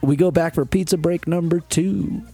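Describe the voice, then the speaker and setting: A man's voice: a little high, fairly even intonation, normal speed, creaky, mellow, husky, faint music behind. A young man co-hosting a podcast, telling a rambling, profane story in casual chat. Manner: profane, rambling storyteller who acts out quotes. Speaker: podcast co-host.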